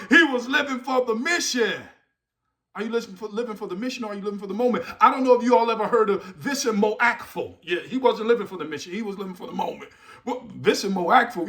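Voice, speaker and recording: High-pitched man, hyped motivational host, preachy and repetitive, punchy rhetorical questions. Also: quick pace. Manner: loud bursts and shouting at the start. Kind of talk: motivational morning talk.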